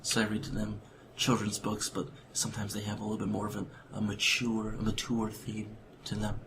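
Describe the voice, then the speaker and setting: A man playing a comedy guest on a podcast, speaking in a quiet, deadpan, matter-of-fact way. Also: lowish voice, a little fast, vocal fry, background noise.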